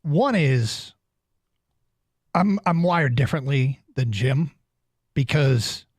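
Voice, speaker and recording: A man hosting a sports talk radio show in a studio, taking calls and making his points deliberately, repeating phrases for emphasis. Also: medium pitch, lively intonation, slightly rough, no room sound.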